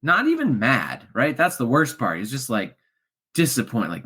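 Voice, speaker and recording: A middle-aged man, a podcast guest, telling a candid personal story in an emotional way that drops to quiet murmurs and rises to loud outbursts. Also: huge pitch swings, moderate pace, slightly rough. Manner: emotional, swings from low murmurs to loud shouts.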